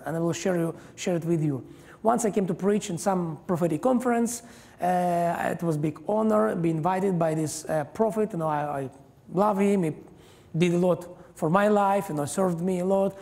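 A man preaches in a large church hall, his gravelly voice trailing into a long reverb. He speaks with emphatic, halting phrasing and scatters hallelujahs through the sermon. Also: sits high, darkish tone. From Israel. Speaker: guest pastor.

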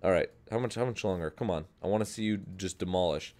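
Low, fast and a bit dark in tone, this young man's voice carries casual commentary on his Minecraft gameplay for his gaming channel. He rambles upbeat and keeps correcting himself.

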